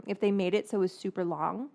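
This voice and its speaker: A woman, likely in her thirties, hosting a cooking livestream in a rambling, casual way and swearing freely. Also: mid-range voice. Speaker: livestream host baking from her cookbook.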